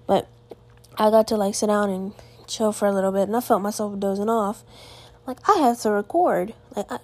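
In a dry recording, a teenage girl with a dark-toned, mid-range voice hosts her solo podcast from home. She rambles tiredly through her weekend, peppering it with "like" and starting over often.

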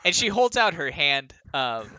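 A man narrating a tabletop game as game master, animated and laughing often. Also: fairly high pitch, measured pace, slight background noise.

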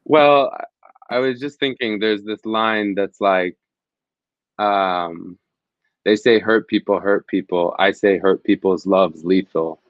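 A man's voice: fairly low pitch, slow, dry recording, dull audio. A man, a field reporter, telling stories in an interview in an earnest, reflective, rambling way. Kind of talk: conversational interview storytelling.

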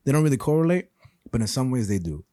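A man's voice: mid-range voice, very animated, fast talker, warm tone, no room sound, clean studio sound. A young man co-hosting a podcast in casual chat, rambling through stories with lots of swearing and laughter. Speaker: podcast co-host.

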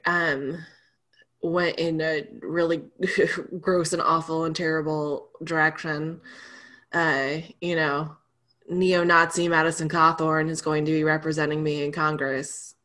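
A young woman with a bright, lower-pitched voice talks candidly in a loose podcast chat. She laughs easily and trails off with "like" and "uh" as she vents. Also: fairly even intonation, unhurried.

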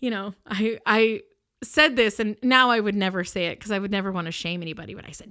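A woman with a bright, crisp voice hosts a podcast and tells a personal story close to her microphone. She speaks expressively and with emphasis, laughing often and restarting her sentences as she goes. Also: medium pitch, fast talker. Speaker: podcast host.

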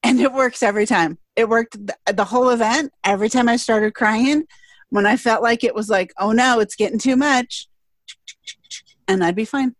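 A woman's voice: fairly high pitch, a little fast, no echo. A middle-aged woman in casual conversation, telling a personal story in an earnest, heartfelt way. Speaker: speaker and event presenter.

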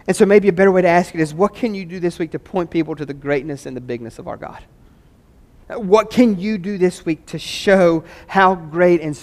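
High-voiced pastor preaching in an echoey hall. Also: male voice. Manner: earnest, conversational preaching with stammered restarts. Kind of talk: sermon. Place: church sanctuary.

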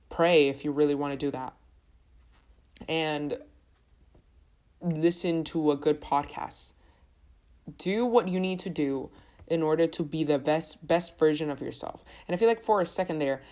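A young woman hosts her own podcast, rambling in a relaxed, chatty way and often stopping to restart or correct herself. Her voice is low and slightly mellow.

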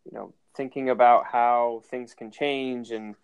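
A man's voice: medium pitch, fairly even intonation, a little slow, clean tone. A man interviewing guests, asking prompting questions in a casual way. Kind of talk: conversational interview. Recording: slightly dull audio.

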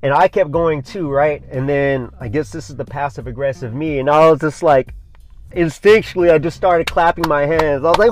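A man's voice: on the high side, moderate pace. A man hosting a casual solo podcast, telling a story in a rambling, profane surfer-bro way. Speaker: podcast host.

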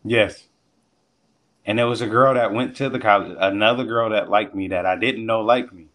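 A young man casually telling a story on a podcast, animated and profane, acting out what people said. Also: lowish voice, moderate pace. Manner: animated, acts out quotes, profane. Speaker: podcast guest.

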